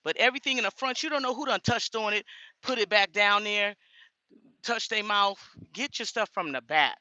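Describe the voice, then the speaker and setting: A middle-aged woman truck driver vlogging from inside a grocery store on a handheld phone, talking in an outspoken, animated way. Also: mid-range voice, moderate pace, no room sound, lo-fi sound. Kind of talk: casual vlog chat.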